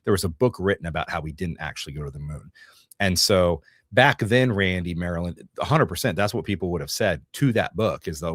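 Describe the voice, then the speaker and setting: A man's voice: low voice, expressive, brisk, dry recording, studio quality. A middle-aged man hosting a casual livestream, rambling and joking while reading from notes and viewer comments. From Northeast Georgia, US. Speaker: livestream co-host.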